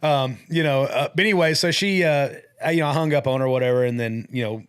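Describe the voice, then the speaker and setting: Middle-aged man, rapid-fire rambling storyteller, dry close-miked sound, podcast guest. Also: mid-range voice, clear, resonant tone, dry recording. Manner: rambling, animated, laughs at own jokes. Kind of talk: casual storytelling.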